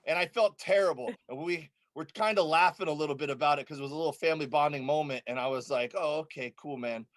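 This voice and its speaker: A middle-aged man telling a stand-up story about his kids, animated and laughing through his punchlines. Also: fairly high pitch, fast, no room sound. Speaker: stand-up comedian.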